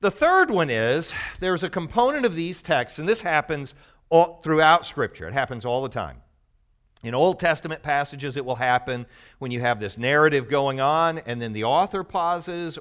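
A man leads a Bible teaching for a live group in a loose, conversational way. His pitch sits in an ordinary middle range for a man. He explains patiently and teases his listeners now and then. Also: fairly bright tone. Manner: conversational and explanatory, teasing the audience.

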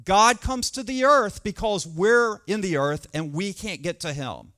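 A man's voice: high-pitched, a little slow, bright, forceful tone. A man preaching a sermon, telling a story with emphatic repetition.

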